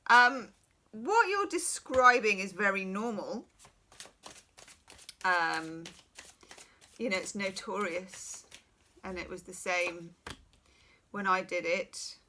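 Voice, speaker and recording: A middle-aged woman talks through a private tarot reading in a frank, chatty way, doubling back with asides. Her voice is bright and forward, and a little worn, since she is losing it. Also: medium pitch, animated, takes it slowly, long pauses, slight background noise. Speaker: tarot reader.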